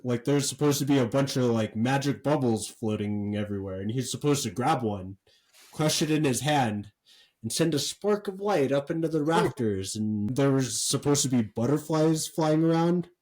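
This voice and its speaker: A man co-hosting a podcast, telling a story in a rambling, animated way with lots of fillers and swearing. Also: mid-range voice, moderate pace, poor audio. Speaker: podcast co-host. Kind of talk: casual chat.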